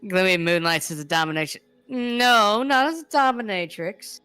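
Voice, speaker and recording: A woman streamer chatting casually with a co-host and her chat, blunt and quick to swear. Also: mid-range voice, lively intonation, bright, forceful tone, clear, resonant tone. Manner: blunt, swears a lot, laughs often.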